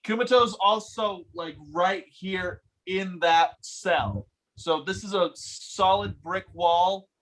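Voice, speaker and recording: A man with a high voice runs a tabletop game as game master. He narrates casually and often breaks into laughter. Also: slow pace, fairly bright tone, rough recording.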